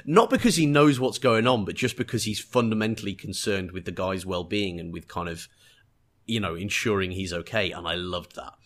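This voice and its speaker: A deep-voiced man with an English accent speaks at a moderate pace as a podcast co-host. Chatting casually about a TV episode, he comes across as enthusiastic and reflective, regularly reaching for his words.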